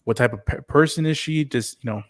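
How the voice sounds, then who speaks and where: Recorded dry with studio quality, this medium-pitched man co-hosts a podcast and chats casually about something he's reviewing. He halts and repeats words as he hunts for his thoughts.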